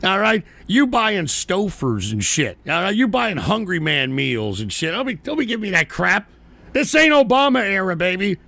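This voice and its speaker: A man hosts a live-streamed show in a bright, sharp voice with a gravelly rasp. He rants in a profane, combative way. He mocks his viewers and argues back at the messages they send in. His voice sits a little high for a man. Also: big pitch swings, moderate pace, few pauses, no room sound. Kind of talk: casual ranting commentary.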